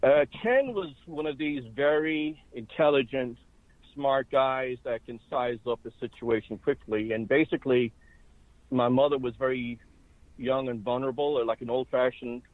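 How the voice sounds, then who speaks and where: A man's voice: mid-range voice, no room sound. A man in his sixties from Ireland with a Boston accent, telling a personal story steadily in a phone interview. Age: 60s. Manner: steady, conversational storytelling with fillers. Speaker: guest. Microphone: phone call. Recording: dry, tinny phone line.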